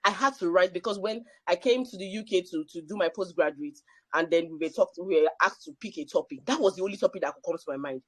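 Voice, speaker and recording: A woman's voice: on the low side, fast talker, no echo. Emphatic woman, dry close sound. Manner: emphatic, repeats phrases for effect. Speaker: panel speaker. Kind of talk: personal testimony at a panel.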